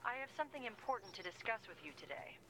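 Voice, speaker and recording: Brisk female android operator, formal and curt, quick delivery, filtered like a radio line. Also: fairly high pitch, animated, loud music behind the voice, low-quality recording. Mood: clipped formal.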